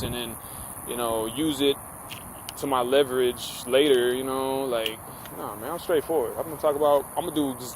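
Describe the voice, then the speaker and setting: A man's voice: medium pitch, noisy background. A man ranting casually to camera in a vlog, profane, slangy and rambling. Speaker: vlogger.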